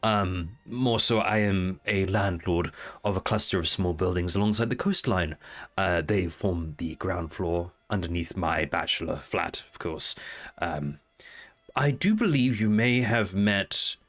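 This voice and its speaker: A man voicing a genteel adult male landlord who speaks in a polite, formal, drawn-out way. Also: low-pitched, fairly bright tone.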